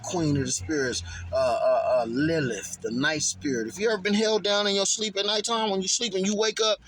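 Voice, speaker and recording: A man reading scripture aloud and then riffing on it in casual, slangy, animated commentary. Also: high voice, fairly quick, a little hiss or hum, rough recording. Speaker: bible study vlogger.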